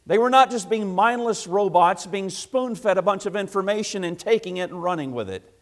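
High-voiced emphatic male preacher. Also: animated, normal speed. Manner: emphatic, repetitive, swings from loud to hushed. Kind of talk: sermon.

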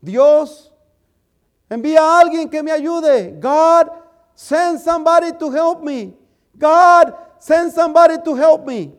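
A man's voice: very high voice, a little slow, pitched above the performer's own voice. A preacher voicing a drunk, desperate man screaming for God to send help, in a sermon story. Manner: screaming, pleading.

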